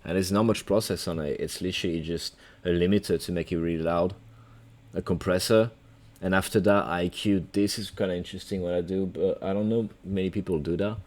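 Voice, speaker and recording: A man's voice: sits low, steady tone, brisk, darkish tone. A man with a French accent, a music producer giving a casual, rambling, playful livestream tutorial.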